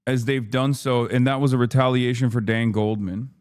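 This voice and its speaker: A man's voice: medium pitch, fairly even intonation, normal speed, a little mellow, clear, resonant tone, dry recording, studio quality. A man hosting a live stream, giving heated, profane political commentary and sometimes slipping into mocking put-on voices. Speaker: streamer host.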